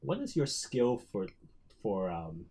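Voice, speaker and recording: A man's voice: on the low side, sing-song, slow, warm tone. A man running a tabletop horror game as game master, describing scenes casually with lots of fillers.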